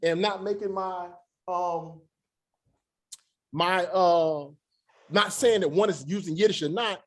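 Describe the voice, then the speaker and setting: A man teaching a Bible study in a relaxed, conversational way, with joking asides and slow, drawn-out emphasis. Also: sits high. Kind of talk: casual scripture teaching.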